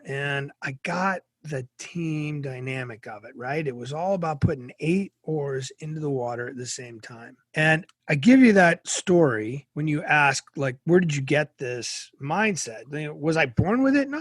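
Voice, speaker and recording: A middle-aged man from Massachusetts tells a vivid personal story as an interview guest. His voice sits a little high. The sound is dry and close. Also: dry recording. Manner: vivid, anecdotal, expressive.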